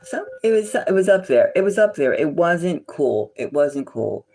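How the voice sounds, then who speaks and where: Gossipy tarot reader, lively swooping pitch, indignant, repeats herself, slips into whispers. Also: moderate pace, noisy background. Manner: indignant, repetitive, drifting into whispers. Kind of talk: casual tarot reading with gossip.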